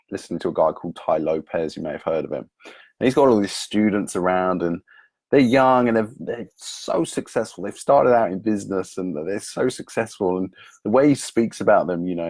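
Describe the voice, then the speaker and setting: A man's voice: deep voice, a little mellow, slightly rough, no echo. A man, a personal development coach, talking through his day in an earnest, candid vlog monologue. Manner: earnest, candid, self-motivating.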